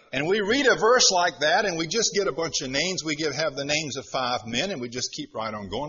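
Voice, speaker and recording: A man teaching through a Bible passage in a sermon, deliberate and emphatic, repeating his key points. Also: mid-range voice, sharp tone, slightly rough. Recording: dull lo-fi recording.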